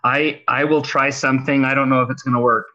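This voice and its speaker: A man's voice: medium pitch, flat delivery, brisk, sharp tone. A man playing a tabletop game, polite, deferential and hesitant. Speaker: player. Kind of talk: tabletop role-play. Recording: dull lo-fi mic.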